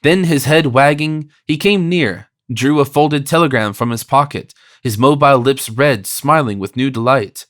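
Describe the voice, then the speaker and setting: A man narrating a classic novel as an audiobook reader, in a measured literary reading style. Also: mid-range voice, a bit bright. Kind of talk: scripted narration.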